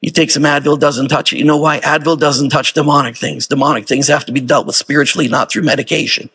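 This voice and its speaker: A man's voice: on the high side, steady tone, fast talker, pushed and bright, breathy edge. A male pastor delivering a sermon in a casual, conversational way, firing off rhetorical questions to the congregation.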